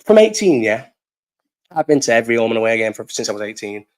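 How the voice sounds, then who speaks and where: A man's voice: mid-range voice, very animated, quick pace. Rambling sweary Bolton-accented young man. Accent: Northern English, Bolton. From Bolton, England. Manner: rambling, sweary, laughs often. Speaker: live stream host. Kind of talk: casual live chat.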